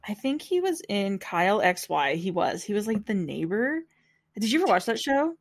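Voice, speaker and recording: Big pitch swings mark this young woman's medium-pitched voice as she co-hosts a relaxed podcast chat at normal speed. She's laid-back and giggly, leans on fillers, and comes across sleepy with hiccups.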